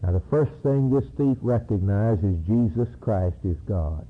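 A man's voice: fairly low pitch, expressive, unhurried, few pauses, slightly rough. A man preaching a sermon, reading scripture and acting out its cries with dramatic emphasis. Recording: tinny lo-fi phone-like recording.

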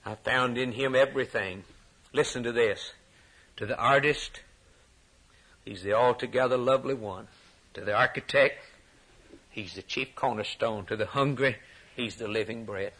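A man preaching a sermon in a rhythmic cadence, climbing to high, shouted peaks and dropping back to quiet asides. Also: moderate pace, breathy edge.

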